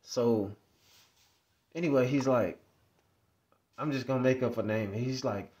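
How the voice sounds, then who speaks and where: A man's voice: medium pitch, normal speed, pauses often, a little mellow. A man vlogging, telling a story in a rambling, repetitive, conversational way. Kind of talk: casual storytelling monologue.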